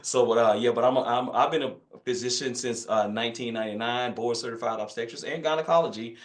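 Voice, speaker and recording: A man in his fifties with a Northern Louisiana country accent talks casually as a physician in an online class. He is folksy and quick to joke, with a voice of middling pitch. His voice carries a roomy echo. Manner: folksy, joking, country turns of phrase. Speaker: physician guest speaker. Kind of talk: casual webinar talk.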